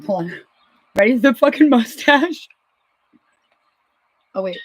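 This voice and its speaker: Young woman, high lively voice, slow drawl, loud laughing, teasing. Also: no room sound, low-quality recording. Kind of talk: casual chat among friends.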